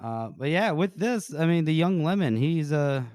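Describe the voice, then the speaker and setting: A man's voice: a little high, lively intonation, normal speed, a little mellow, dry recording, clean studio sound. A man co-hosting a casual book podcast who talks in a rambling way and acts out the characters' lines. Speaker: podcast co-host.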